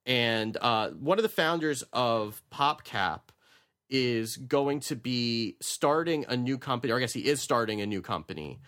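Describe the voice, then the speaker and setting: A man's voice: medium pitch, lively intonation, a little slow, a bit bright. A man hosting a casual podcast chat, often stammering and restarting his sentences. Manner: stammering, self-interrupting. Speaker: podcast host.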